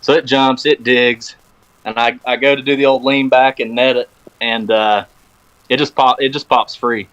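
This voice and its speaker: A man's voice: medium pitch, normal speed, lo-fi sound. A man chatting casually on a podcast, telling a long story and acting out the phone calls he quotes. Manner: animated storyteller, acts out quoted phone talk. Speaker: podcast guest. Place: podcast recording room.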